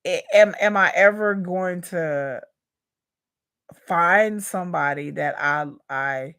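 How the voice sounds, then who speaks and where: A woman's voice: fairly low pitch, takes it slowly, fairly bright tone, no room sound, clean studio sound. A woman hosting a live reaction stream, speaking frankly and chattily to her viewers about her love life, often repeating herself and calling them "y'all.". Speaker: YouTube reaction host. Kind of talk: candid personal rant.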